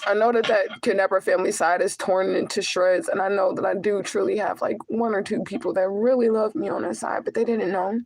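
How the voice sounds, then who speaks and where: A woman's voice: mid-range voice, darkish tone, low-quality recording. A young adult woman, talking in a raw, confessional personal vlog. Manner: raw, confessional, swearing, talks to her cat. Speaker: vlogger and spiritual reader.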